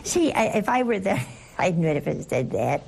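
A woman leading a Catholic Bible study, teaching in an animated, playful way and asking her listeners questions. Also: on the low side, moderate pace, gravelly. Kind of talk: lively scripture teaching to a group.

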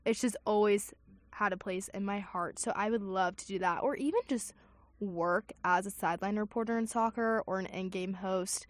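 A woman's voice: medium pitch, fairly bright tone, dry recording. Eager young woman co-hosting a radio show. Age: young adult. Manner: eager, upbeat, with frequent ums. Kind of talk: casual radio chat.

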